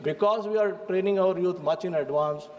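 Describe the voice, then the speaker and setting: High-voiced Indian man in a parliamentary speech. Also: moderate pace, big-room sound, muffled recording. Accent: Indian English. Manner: formal, emphatic, addresses the chair repeatedly. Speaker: member of parliament. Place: parliament chamber.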